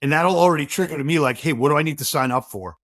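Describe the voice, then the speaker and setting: A man's voice: a little high, fast talker, no room sound. Middle-aged male guest; chatty, acts out dialogue; dry, close mic. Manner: animated storyteller, acts out quoted dialogue. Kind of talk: conversational podcast interview.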